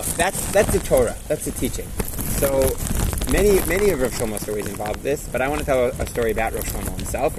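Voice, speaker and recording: A man's voice: medium pitch, background noise. A man teaching a Torah class through stories, in a casual manner that checks in with listeners and drops Hebrew and Yiddish words.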